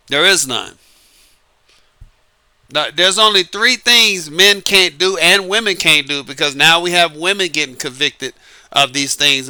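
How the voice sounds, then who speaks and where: Man, New Orleans Southern accent, slightly high voice, smooth resonant tone, emphatic, casual advice monologue. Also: sharp tone, no echo. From New Orleans, Louisiana. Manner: emphatic, repeats key points, chuckles between lines. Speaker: dating advice author.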